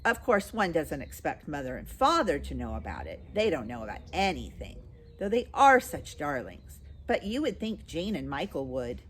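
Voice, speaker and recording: A woman voicing a baby girl twin in a storybook reading, with a soft voice full of laughter. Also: deep voice, sing-song, moderate pace, breathy edge, full character voice. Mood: amused.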